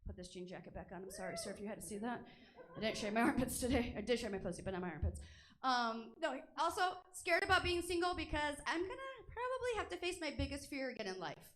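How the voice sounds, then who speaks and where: A woman's voice: fairly high pitch, sing-song, fast, fairly bright tone. Brash woman doing raunchy stand-up. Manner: brash, crude, self-deprecating. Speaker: stand-up comedian. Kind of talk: stand-up comedy set. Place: comedy theater stage.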